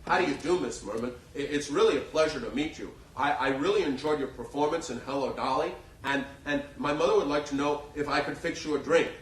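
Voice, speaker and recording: A polite, nervous ten-year-old boy, as a grown man acts him out, stammering over his words. He speaks softly, and the voice is heard from a distance in an echoey theater. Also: on the high side, a little fast, few pauses, a little hiss or hum, lightly acted.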